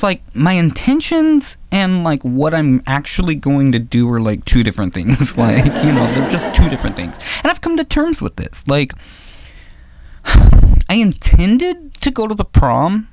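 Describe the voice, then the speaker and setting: Female stand-up comic, chatty and scattered, lively swooping delivery, dry sound. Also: deep voice, no room sound. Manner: rambling, full of "like" and "you know", laughs at her own jokes; animated, swooping delivery with acted-out quotes. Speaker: stand-up comedian. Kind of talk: stand-up comedy set.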